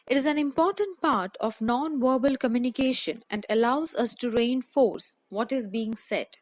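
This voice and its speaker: A woman teacher with an Indian English accent, giving a measured, scripted lesson on public speaking and listing her points one by one. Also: on the high side. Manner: measured, instructive, enumerating points.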